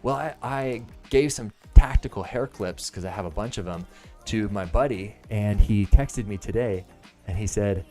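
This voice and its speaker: An American man in his thirties hosting a live product-review stream, jokey and animated, jumping between loud bursts and soft asides. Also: lowish voice, normal speed, faint music behind. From United States. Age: 30s.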